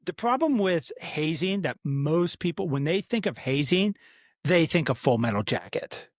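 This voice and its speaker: A man in his fifties chatting bluntly on a podcast, swearing without a second thought. His voice sits a little high for a man, and the sound is dry and close. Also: sing-song, normal speed, dry recording. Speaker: podcast co-host. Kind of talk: casual chat.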